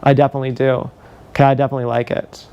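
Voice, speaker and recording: A man's voice: mid-range voice, little pitch movement, rapid-fire, a little mellow, smooth, muffled recording. A man ranting angrily and profanely on a live stream, filmed with an action camera. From Canada. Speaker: livestreamer.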